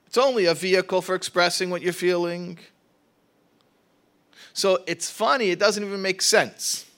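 Man teaching with bright, forceful energy. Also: sits high. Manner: animated teaching with rhetorical questions and repeated restarts. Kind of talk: religious study class lecture.

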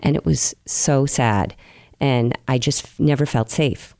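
A woman recounting her life in an interview, earnest and open, with soft pauses as she reflects. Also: a bass voice, no echo. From New England, US. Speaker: interview guest.

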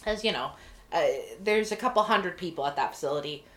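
Lower-voiced woman telling a lively story. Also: fairly quick. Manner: lively, swears freely, acts out quotes. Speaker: podcast guest, corrections treatment provider. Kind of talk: casual storytelling.

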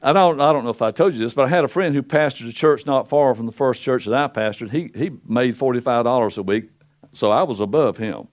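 An older pastor preaching a folksy sermon into a pulpit microphone, swinging between loud and soft. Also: male voice, a little fast. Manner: folksy preaching with wide swings in pitch and loudness.

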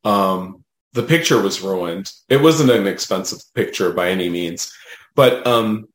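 A low-pitched man chatting through a story with lots of "you know" and "right?". His voice sits in a roomy, echoey space. He tells it casually, with animated emphasis. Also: a little slow. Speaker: guest, medium.

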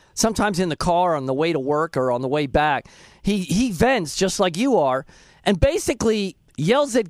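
A man's voice: high-pitched, dry recording. A man hosting a Christian call-in radio show, preaching earnestly and chuckling at his callers. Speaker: radio host.

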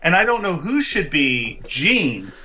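A man's voice: on the high side, sing-song, unhurried, pushed and bright, dull audio. A man co-hosting a podcast, chatting casually about a movie in a rambling, emphatic way full of restarts. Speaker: podcast co-host. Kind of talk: casual movie review chat.

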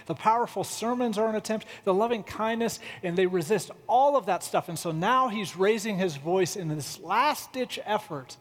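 A male pastor preaching a conversational sermon and telling a humorous personal story. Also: sits high. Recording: long reverb of a large hall.

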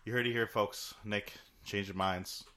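A young man with a low-pitched but bright voice hosts a casual podcast. He jokes and teases his guest. His talk is loose and chatty. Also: fairly even intonation, unhurried, slight background noise. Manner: joking, teasing. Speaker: podcast host.

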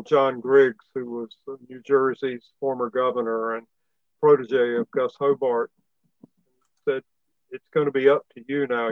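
A man's voice: mid-range voice, no echo, lo-fi sound. A man, the author being interviewed, explaining history in a hesitant way with frequent fillers. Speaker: author guest.

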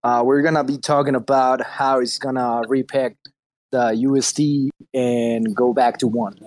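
A man's voice: medium pitch, level tone, a little slow, a little mellow. A man co-hosting a casual online audio chat, joking and swearing loosely, calling in from his dining room at home. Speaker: co-host of crypto audio space. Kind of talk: casual banter.

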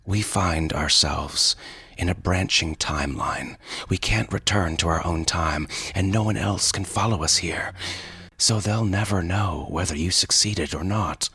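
A man voicing a calm, wry man in power armor, speaking in a dry, measured way in an audio fiction reading. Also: low-pitched, slightly rough, dry recording, full character voice. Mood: persuasive.

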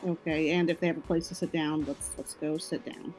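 Woman tabletop player, lowish voice, hesitant and polite, faint music behind. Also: level tone, a little fast, a little mellow. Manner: hesitant, polite, thinking aloud. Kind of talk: tabletop role-play.

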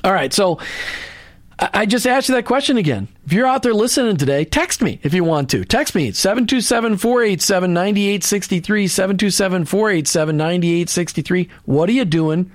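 A man's voice: high-pitched, lively intonation, normal speed, no room sound. A man hosting a Christian radio talk show, speaking earnestly in a preachy way, with many restarts and asides into a studio microphone.

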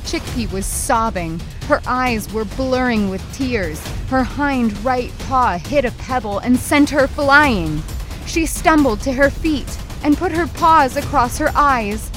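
A woman narrating a storybook in a slow, dramatic and suspenseful way. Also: sits high, music in the background.

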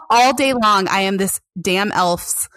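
A woman's voice: mid-range voice, slow pace. A woman in her thirties, co-hosting a casual podcast chat, telling a story with lots of acted-out voices and laughter. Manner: animated storytelling, acts out voices, laughs often. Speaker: podcast co-host.

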